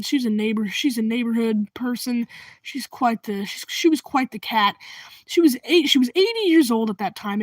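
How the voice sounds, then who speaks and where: A young woman telling a storytime vlog in a rambling way, with laughing asides and hushed whispered remarks. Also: fairly high pitch, no echo, poor audio. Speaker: vlogger.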